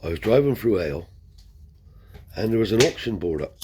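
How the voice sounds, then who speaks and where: Deep-voiced man telling a rambling yarn. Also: lively intonation, a little fast, noisy background. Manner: rambling, swears freely, acts out dialogue; broad colloquial speech. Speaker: storyteller. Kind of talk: casual spoken anecdote.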